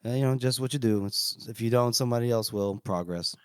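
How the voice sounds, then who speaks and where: A man's voice: mid-range voice, quick pace, clear, resonant tone, no echo. Man with a dry, rambling story voice. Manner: loose, rambling retelling with crude swearing. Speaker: podcast co-host recapping chapters. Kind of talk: casual chat, retelling a story.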